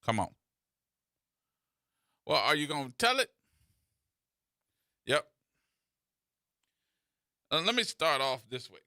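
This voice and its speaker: A man's voice: on the high side, sing-song, slow pace, pauses often, bright, forceful tone, no room sound, studio quality. A man hosting a radio talk show, teasing and telling stories in a playful way.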